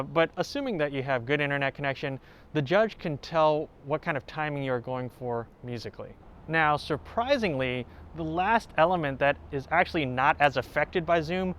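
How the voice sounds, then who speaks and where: A man who plays violin, hosting a tutorial and calmly explaining step by step, now and then singing short examples. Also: on the high side, normal speed, slight background noise. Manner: clear, explanatory, with sung examples. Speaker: violin teacher and channel host. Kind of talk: instructional talk to camera. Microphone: home recording setup.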